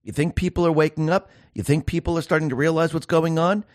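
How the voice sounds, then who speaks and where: A man's voice: fairly high pitch, fairly even intonation, quick pace, no room sound, clean studio sound. A man hosting a solo political commentary show, speaking emphatically and firing off sarcastic rhetorical questions.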